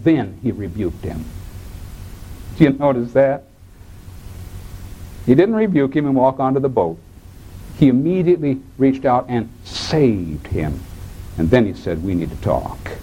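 A man preaching a sermon, addressing listeners as beloved and swinging from low hushed tones to high cries when he quotes. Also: slightly rough, poor audio. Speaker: pastor.

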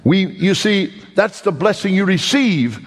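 An older man from New York preaching a sermon, emphatic and deliberate, slowing down on key phrases and then rushing through asides. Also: high voice, lively intonation. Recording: long reverb of a large hall.

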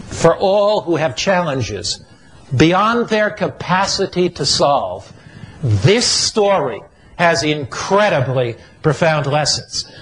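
A man preaching a sermon in a slow, emphatic, repetitive cadence. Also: high voice, fairly bright tone, rough recording.

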